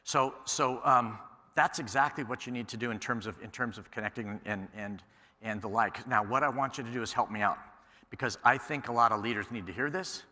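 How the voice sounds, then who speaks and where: A man giving a conference keynote, telling stories in an animated way and acting out the dialogue. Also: medium pitch, fairly quick. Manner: animated storyteller, acts out quoted exchanges. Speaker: keynote speaker. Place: large conference hall. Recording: echoey hall sound.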